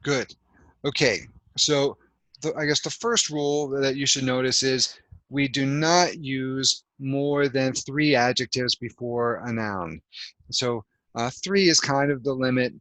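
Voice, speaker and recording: A man's voice: medium pitch, unhurried, a bit bright, no room sound, poor audio. A man teaching an English grammar lesson over a video call, explaining patiently step by step with lots of fillers. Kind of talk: online language lesson.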